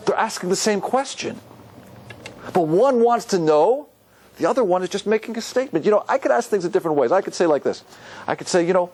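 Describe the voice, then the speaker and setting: A man's voice: sits high, very animated, a little fast, a little mellow. A man teaching a Torah class as a rabbi, quizzing his students and quoting Hebrew verses.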